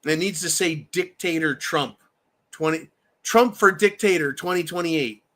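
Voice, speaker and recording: A man's voice: on the high side, a little slow, a bit bright. A man hosting a live stream, reading viewer comments aloud and ranting in a profane, mocking way. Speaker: host reading viewer chat.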